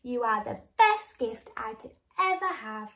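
A woman voicing a gentle, kind male snail in a storybook reading, speaking softly and reassuringly. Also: on the high side, big pitch swings, a little slow, full character voice. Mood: tender.

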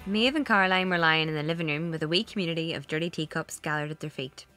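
A woman narrating a novel in a measured, quietly wry way. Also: low voice, faint music behind. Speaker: audiobook narrator. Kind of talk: scripted narration.

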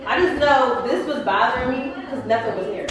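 A woman's voice: on the high side, brisk, a crowd in the background. A woman, chatting casually in a home vlog, laughing and venting her frustration. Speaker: vlogger. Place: house, indoors. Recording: echoey rooms, household noise.

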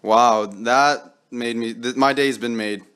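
Young man, gameplay commentary, excitable, begging the game, bursts of yelling, average pitch. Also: slow pace, smooth. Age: young adult. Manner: excitable, pleading with the game, yells when lucky. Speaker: mobile game YouTuber.

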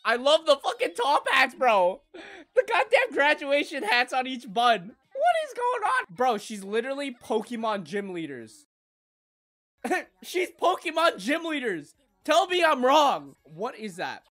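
A woman hosting an anime reaction, moving from soft cooing to loud excited squeals and swearing freely. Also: sits high, unhurried.

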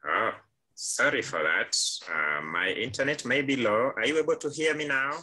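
A man's voice: medium pitch, lively intonation, moderate pace, sharp tone, low-quality recording. A male teacher with a Kenyan accent, leading a live online class over a video call, with many hesitant fillers.

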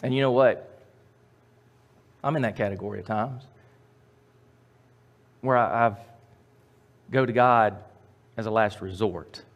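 A man preaching a sermon as pastor, emphatic, repeating his phrases and swinging from loud to quiet. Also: lowish voice, measured pace, long pauses.

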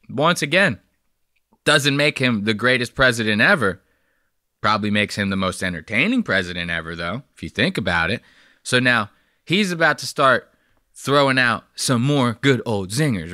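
A man's voice: mid-range voice, sharp tone, no echo, clean studio sound. A man hosting a podcast, riffing loosely and profanely while reacting to a video. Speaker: podcast host. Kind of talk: casual reaction commentary.

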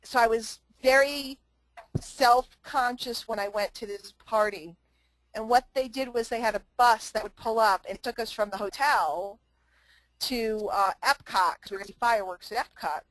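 A woman's fairly high voice, recorded close and dry with no room sound. She drives her points home by repeating them and breaks off into casual asides to the people listening. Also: normal speed, a bit bright, no echo, rough recording. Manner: emphatic and repetitive, chatty asides to listeners. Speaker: motivational speaker and trainer. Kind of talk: motivational talk to a live online group.

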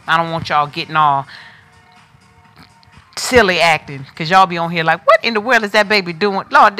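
A woman's voice: mid-range voice, bright, forceful tone. A woman hosting a live wig sales stream, chatting casually and talking straight to her viewers as she demonstrates pieces. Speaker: wig shop host selling on a live stream. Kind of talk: casual live product demo.

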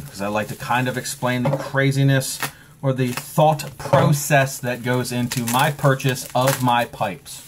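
A pipe-collecting vlogger in his forties, with an Eastern Shore of Maryland accent, chats casually through an unboxing. His medium-pitched voice has slight background noise behind it, and his manner is joking, rambling, and self-mocking.

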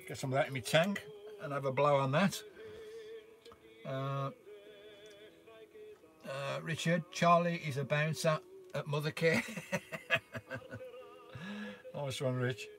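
An older man hosts a relaxed live stream from inside his camper van, greeting viewers one by one as mate or sugar. His talk rambles along with plenty of "uh" fillers at a mid pitch. Faint music plays underneath. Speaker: vanlife live-stream host. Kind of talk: casual live-stream chat reading viewer comments.

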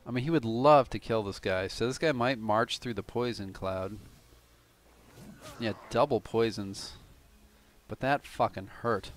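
A man's voice: fairly low pitch, unhurried. A man from Cleveland giving casual, analytical live commentary on a tournament game, swearing now and then. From Cleveland, USA.

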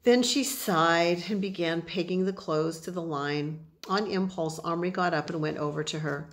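A woman's voice: on the low side, moderate pace, few pauses. Woman reading a children's book aloud. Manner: chatty asides explaining words to listeners. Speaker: reader.

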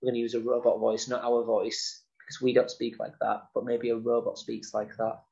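A man explains early reading skills to parents in a patient, instructional tone. He stretches out sounds and repeats words slowly to demonstrate them. The recording is dull and lo-fi. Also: mid-range voice, completely flat delivery, creaky, warm tone. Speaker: nursery teacher.

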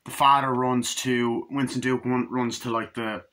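Male film reviewer, bright voice, loose and profane, animated retelling. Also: medium pitch, unhurried. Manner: excitable, profane, acts out scenes with shouted quotes. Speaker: movie reviewer. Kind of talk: casual spoken movie recap.

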